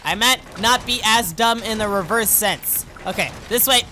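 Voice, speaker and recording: A young man with a high voice gives casual let's play commentary at a moderate pace over slight background noise. He's excitable, talking himself through tricky jumps, rambling in asides, and yelping or shouting at every failure.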